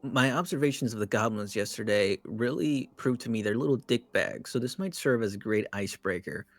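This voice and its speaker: A woman playing a character in a tabletop role-playing game, joking and lively. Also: very deep voice, fairly quick, no echo, soft background music. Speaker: player. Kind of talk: casual tabletop role-play.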